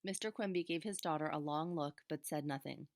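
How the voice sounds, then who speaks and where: Low-voiced woman reading a storybook aloud. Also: a little fast, dry recording, studio quality. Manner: steady, expressive reading.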